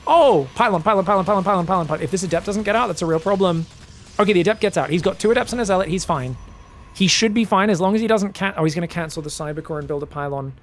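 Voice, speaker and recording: A man giving solo commentary on a strategy game match, excitable and chatty, bursting into shouted reactions and talking straight to his viewers. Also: high-pitched, rapid-fire, slight background noise. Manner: chatty asides, addresses viewers as guys. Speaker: esports caster.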